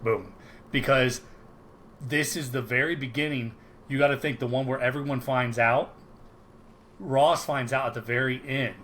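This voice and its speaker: A man's voice: medium pitch, fairly even intonation, moderate pace, pauses often, fairly bright tone, a little hiss or hum. A man co-hosting a casual podcast chat who rambles and restarts his sentences, recorded over a video call. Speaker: podcast co-host.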